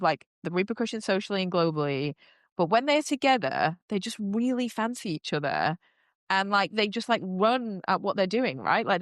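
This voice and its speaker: Gushing woman, smooth voice. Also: mid-range voice, no room sound, clean studio sound. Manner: gushing, full of "like" and "um" fillers. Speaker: podcast host. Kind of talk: casual recap chat.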